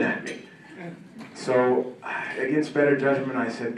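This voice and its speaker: A man's voice: medium pitch, steady tone, normal speed. Man telling self-mocking stories in an echoey hall. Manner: self-mocking storytelling, laughing. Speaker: hall of fame inductee. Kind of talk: after-dinner acceptance speech. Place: country club banquet room. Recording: echoey hall from far off, ambient noise.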